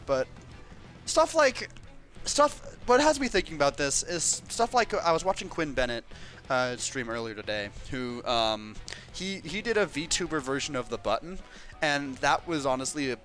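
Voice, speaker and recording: A man's voice: medium pitch, lively intonation, moderate pace, fairly bright tone, faint music behind. A man streaming live, chatting casually and laughing often as he plays. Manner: chatty, laughs often, reads game lines aloud in voices. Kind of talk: casual chat while playing and voicing game dialogue.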